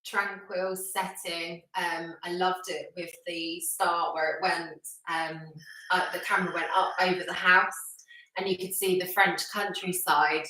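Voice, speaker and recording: Bright-voiced woman off-mic in an echoey room. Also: fairly low pitch, level tone, a little slow, far from the mic. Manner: chiming in briefly, teasing, laughing. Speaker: co-host. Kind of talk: casual live chat.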